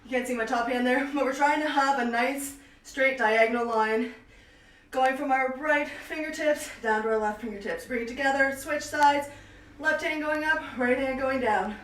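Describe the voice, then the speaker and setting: A young woman with a high, bright-pitched voice coaches a home workout while out of breath, counting reps with upbeat energy. She stands back from the camera in a small, echoey room. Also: moderate pace. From Canada. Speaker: fitness instructor. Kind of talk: live online workout class. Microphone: camera at a distance. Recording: echoey room, voice far from mic.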